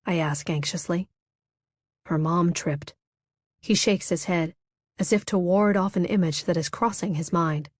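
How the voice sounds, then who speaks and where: A woman narrating a romance audiobook in the first person, with a measured, intimate delivery. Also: on the low side, darkish tone, dry recording.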